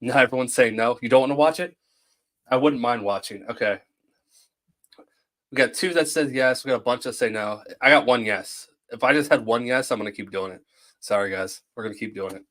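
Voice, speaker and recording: Male stream host, mid pitch, casual, joking. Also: fairly quick, fairly bright tone. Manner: casual and joking, thanks viewers. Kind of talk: casual livestream commentary.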